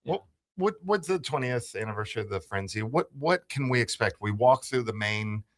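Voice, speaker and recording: A man's voice: medium pitch, lively intonation, fairly quick. A man hosting a morning radio talk show in a studio, chatty and joking. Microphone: studio microphone.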